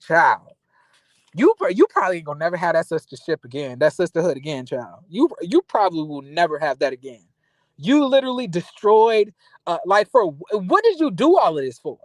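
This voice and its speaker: A man's voice: high-pitched, a little fast, no echo. A man giving a casual recap of a reality TV reunion, blunt and slangy, swearing freely and addressing the cast directly. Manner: animated, blunt, profane, slangy.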